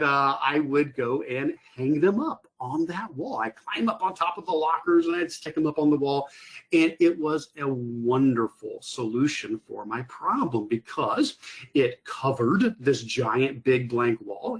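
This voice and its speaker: A man who is a teacher telling a classroom story in a lively way, acting out his own past thoughts. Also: medium pitch, husky. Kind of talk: storytelling presentation.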